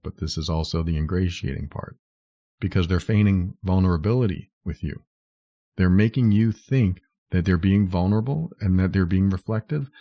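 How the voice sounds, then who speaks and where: A man's voice: lowish voice, dark tone, no room sound, lo-fi sound. A man hosting a podcast, talking earnestly and explaining things step by step, sometimes acting out what someone might say. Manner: earnest, explains step by step, acts out quoted lines. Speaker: podcast host. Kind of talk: solo podcast advice talk.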